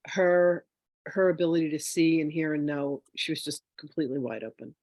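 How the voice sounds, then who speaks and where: A woman's voice: deep voice, normal speed, darkish tone, no echo. A woman teaching a spiritual class in a candid, chatty way, telling a personal story with many "you know" asides.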